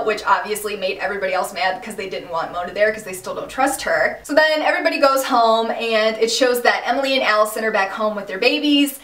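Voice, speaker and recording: A woman casually recapping a TV finale, animated and slangy, exclaiming and laughing as she tells it. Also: fairly high pitch, distant mic. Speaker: recap vlogger. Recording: echoey room, a bit off-mic.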